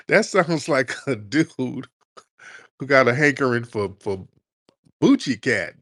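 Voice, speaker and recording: A man's voice: medium pitch, sing-song, a little slow, fairly bright tone, no room sound, studio quality. A man hosting a comedic commentary show, talking in a blunt, casual, mocking way and laughing often. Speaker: host.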